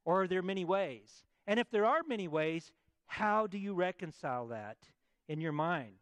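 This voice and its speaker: A male pastor delivers a sermon in a high, conversational voice. He draws the congregation in with questions and has them repeat phrases back. The sound is close and dry. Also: no echo. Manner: conversational preaching, asks the congregation to answer back.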